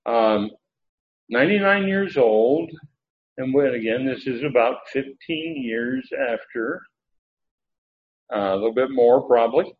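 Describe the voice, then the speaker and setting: A man teaching through Bible verses word by word, pausing often with filler sounds as he explains. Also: mid-range voice, steady tone. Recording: dull lo-fi recording with faint background noise.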